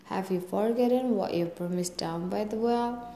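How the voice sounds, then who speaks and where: A woman's voice: medium pitch, normal speed, dark tone, close to an everyday voice. A woman voicing a small, lonely talking frog that pleads and makes demands, in a raised voice. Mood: pleading. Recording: echoey room with faint ambience.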